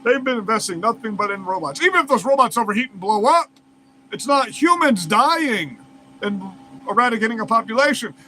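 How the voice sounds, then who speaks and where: A man's voice: very high-pitched, expressive, brisk, sharp tone, a little hiss or hum, poor audio. A man reads news aloud and breaks off into heated, profane, incredulous rants as a commentary host. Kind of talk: reading news aloud and ranting over it.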